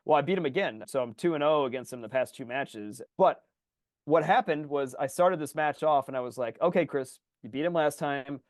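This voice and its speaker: A man co-hosting a podcast, telling stories in casual chat, swearing freely and loudly acting out his own thoughts. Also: fairly high pitch, fairly quick, no room sound, studio quality. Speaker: podcast co-host.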